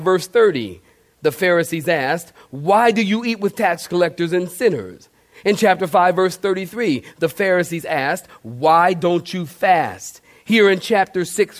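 A male pastor preaching a sermon, animated, putting questions straight to the congregation. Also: high voice. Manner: shouted cartoonish outbursts for emphasis.

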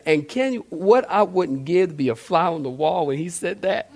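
High-voiced animated male pastor preaching. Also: normal speed. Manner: animated preaching with direct questions to the congregation; shouted cartoonish outbursts for emphasis. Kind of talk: sermon.

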